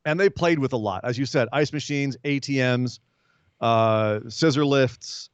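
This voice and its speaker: A man's voice: medium pitch, a little slow, clean tone, no room sound. A man co-hosting a podcast, chatting casually and animatedly about wrestling, laughing and acting out the moves. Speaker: podcast co-host. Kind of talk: casual wrestling recap chat. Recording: slightly dull lo-fi audio.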